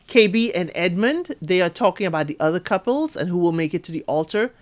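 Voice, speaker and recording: A woman giving a casual recap of a reality show, chatty and animated, acting out quotes with asides to listeners. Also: lowish voice, brisk, hardly any pauses. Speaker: recap podcaster.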